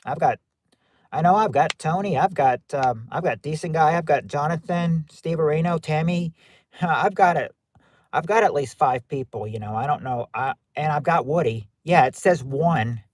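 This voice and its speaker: Rambling livestream host, slightly high voice. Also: male voice, normal speed. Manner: rambling, repeats himself with many restarts. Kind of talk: casual chat reading live chat.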